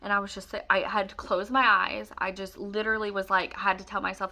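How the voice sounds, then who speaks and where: A woman's voice: medium pitch, flat delivery, moderate pace, few pauses, pushed and bright. Emotional young woman telling a story. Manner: emotional, rambling with many fillers. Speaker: vlogger telling her birth story. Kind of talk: casual storytelling to camera.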